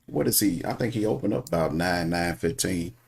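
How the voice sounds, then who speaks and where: A man's voice: low voice, a little fast, vocal fry, over a noisy crowd. A man co-hosting a casual chat among friends, dry and terse. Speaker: podcast co-host.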